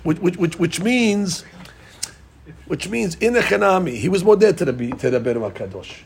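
A middle-aged man teaching a Talmud class in an animated way, repeating words and mixing in Hebrew and Aramaic terms. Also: sits high, normal speed, gravelly, slight background noise.

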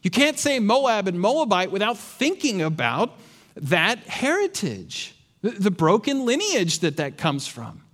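Male pastor, sermon, high and expressive, quick rhetorical questions. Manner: animated, sarcastic asides, rhetorical questions.

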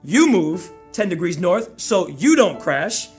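A man doing a lighthouse voice, calm, firm, unbothered, high-ish voice, faint music underneath. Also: slow pace, full character voice.

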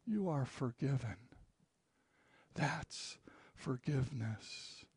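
A man preaching a sermon as pastor, swinging between loud emphatic lines and hushed, low passages. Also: dry recording, studio quality.

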